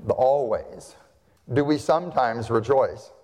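A man's voice: mid-range voice, animated, measured pace, a little mellow. A male pastor delivering a sermon to his congregation, emphatic, with rhetorical questions and repeated phrases. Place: church sanctuary. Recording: long hall reverb.

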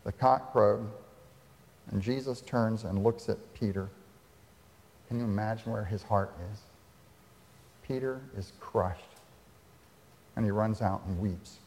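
A pastor preaches a sermon in a reverberant church sanctuary, slowly and with frequent pauses. His lowish, slightly mellow voice carries a dramatic retelling punctuated by rhetorical questions.

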